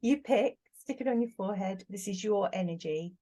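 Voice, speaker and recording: A woman's voice: medium pitch, a little fast, mellow. A middle-aged British woman, a tarot reader hosting a casual chat, talking in a chatty, giggly, exclamatory way. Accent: British English. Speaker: tarot reader, channel host.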